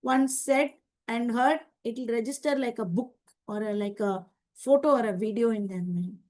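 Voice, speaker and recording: A woman's voice: a little high, normal speed, a little mellow. A woman with an Indian English accent giving a scripture class, explaining through parables and strings of rhetorical questions. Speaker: spiritual teacher.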